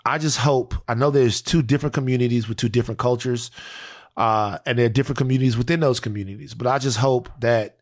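A man's voice: medium pitch, steady tone, fast talker. A man co-hosting a podcast, talking earnestly and thinking aloud in casual chat. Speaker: podcast co-host.

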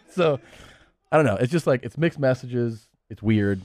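A man hosting a podcast, telling stories in a relaxed, joking way. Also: medium pitch, a little slow, no echo. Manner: laid-back storytelling with laughs. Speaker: podcast host. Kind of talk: casual podcast conversation.

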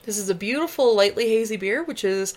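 A woman's voice: medium pitch, expressive, brisk, darkish tone. A woman co-hosting a podcast, chatting wryly and swearing freely about a movie. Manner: wry, profane banter. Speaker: podcast co-host. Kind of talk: casual movie recap chat.

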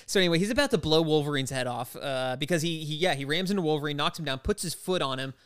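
A man's voice: fairly high pitch, quick pace, fairly bright tone, smooth, no echo, clean studio sound. A man co-hosting a podcast, animatedly recapping a cartoon episode in casual chat and laughing often. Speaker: podcast co-host.

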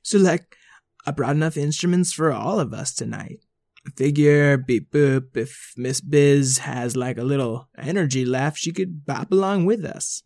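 A storyteller voicing a laid-back, centuries-old robot babysitter who talks like a relaxed surfer, saying "like" and "beep boop". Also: mid-range voice, a little slow, gravelly, dry recording, studio quality. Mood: mellow. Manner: drawling, says "like" and "beep boop".

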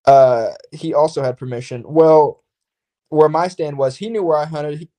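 A man in casual podcast chat, telling a long story in a rambling, lively way and acting out the exchanges he quotes. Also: fairly high pitch, normal speed.

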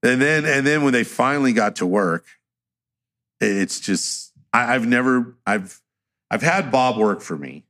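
A man's voice: mid-range voice, unhurried. A man telling stories in a casual podcast chat, swearing freely and acting out what people said. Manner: profane, animated storyteller acting out quotes.

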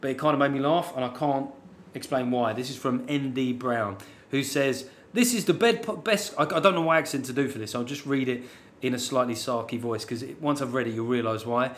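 A man's voice: medium pitch, steady tone, a little fast, a bit bright. A man hosting a podcast, chatting casually and signing off with sarcastic, sweary asides. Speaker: podcast host. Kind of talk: casual podcast chat and sign-off.

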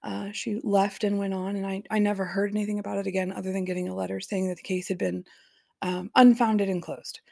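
A woman's voice: mid-range voice, little pitch movement, a little fast, vocal fry, a little mellow, dry recording, clean studio sound. A woman hosting a podcast, casually recounting a personal story, chatty and full of "like" with bursts of disbelieving laughter. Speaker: podcast host.

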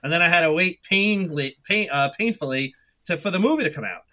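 A man's voice: fairly high pitch, animated, fast, bright, forceful tone. A man in his thirties with a New York accent, a guest telling stories in a chatty way and acting out his own past remarks. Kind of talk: casual interview chat.

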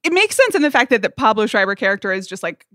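A woman co-hosting a podcast in casual pop-culture chat, wry and quick with her critiques, close to the microphone. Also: on the high side, sing-song, a bit bright, dry recording. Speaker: podcast co-host.

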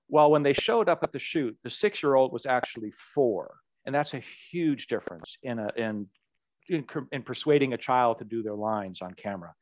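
Man, political ad maker as interview guest, animated storyteller, dry close sound. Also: medium pitch, no room sound. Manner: animated storyteller who repeats words as he goes.

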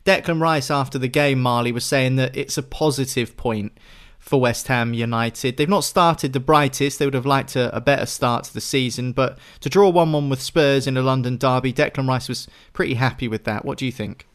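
A man's voice: medium pitch, normal speed, few pauses, smooth. A man hosting a football podcast, steadily moving the talk on to each new match. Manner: steady, leads topic changes. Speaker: podcast host.

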